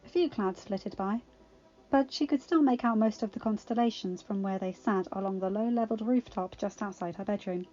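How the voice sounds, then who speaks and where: A woman narrating a storybook aloud, expressive and steady. The sound is a little dull and lo-fi, with faint music playing underneath. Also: medium pitch, fairly quick. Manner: expressive, voices the characters. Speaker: audiobook reader.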